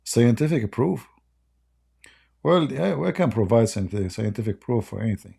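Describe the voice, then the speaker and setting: A man hosting a casual livestream chat, mocking and sarcastic, with a voice going hoarse. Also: medium pitch, lively intonation, moderate pace, mellow. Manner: mocking, sarcastic banter with frequent laughter. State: hoarse, losing his voice. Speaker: livestream debate host. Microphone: close desk microphone.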